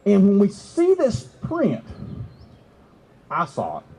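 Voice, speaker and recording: A man telling an animated story to an outdoor festival crowd, excitable and laughing. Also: takes it slowly, slightly rough, rough recording. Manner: excitable, laughing, leaps to high exclamations. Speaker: festival speaker. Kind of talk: animated storytelling to a live audience.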